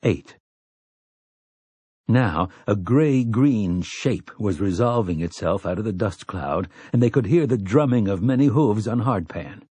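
Low, husky male storyteller. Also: a little mellow, no echo. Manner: measured storytelling. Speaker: audiobook narrator. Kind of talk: scripted narration.

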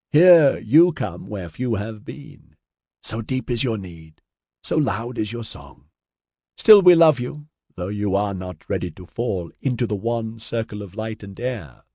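A man's voice: mid-range voice, dark tone, no room sound, studio quality. A man doing a mournful old alien songstress. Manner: slow, lilting, riddling speech. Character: ancient serene female alien singer, mournful.

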